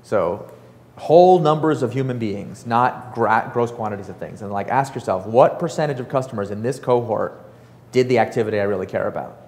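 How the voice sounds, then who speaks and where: A man talks fast and loose to an audience, with many fillers and quick asides. His voice sits at a middle pitch. Sound rings with a long hall reverb. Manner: fast, animated, filler-heavy storytelling with acted-out quotes. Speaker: startup author and speaker. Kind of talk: casual talk before an audience.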